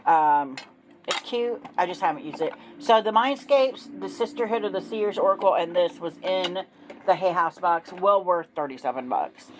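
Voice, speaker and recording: A woman's voice: fairly low pitch, expressive, moderate pace, noisy background. A woman chatting casually as she shows her new tarot decks, gushing and rambling with many ums. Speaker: tarot deck reviewer. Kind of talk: casual unboxing chat. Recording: background music playing.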